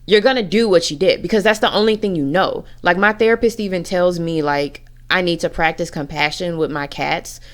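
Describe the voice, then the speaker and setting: A woman's voice: fairly low pitch, fairly quick, few pauses. A woman giving a candid personal rant to camera, blunt and profane as she talks frankly about her own family. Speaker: vlogger.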